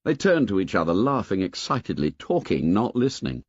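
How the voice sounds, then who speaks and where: A man narrating an audiobook in a lively, expressive storytelling manner. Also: lowish voice, a little fast, husky, dry recording, highs cut off. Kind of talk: scripted narration.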